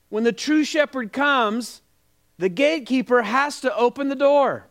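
High-voiced male pastor preaching. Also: moderate pace. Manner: animated storytelling with quoted dialogue. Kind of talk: sermon.

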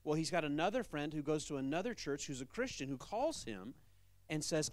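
A man who is a pastor, preaching a sermon in an animated, emphatic, conversational way. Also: on the high side, brisk, dry recording.

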